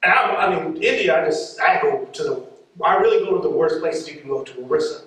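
A man preaching a storytelling sermon, lively and laughing often as he acts out voices. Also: fairly high pitch, fast. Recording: echoey hall, mic far off.

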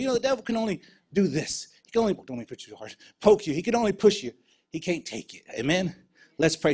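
A man preaching, telling a lively travel testimony with laughter, then leading a prayer. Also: on the high side, quick pace. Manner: storytelling, animated, laughs between lines.

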